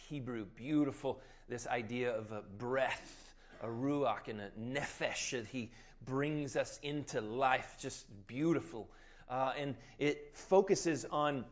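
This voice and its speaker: A man preaching a sermon, retelling scripture as a lively story and acting out the scenes. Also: medium pitch, dull audio. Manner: animated storyteller, acts out scenes.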